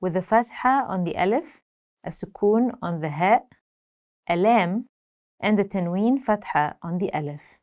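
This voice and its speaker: A woman giving a scripted language lesson, speaking clearly and deliberately, slowing down to say example words. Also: mid-range voice, animated, darkish tone. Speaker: language teacher.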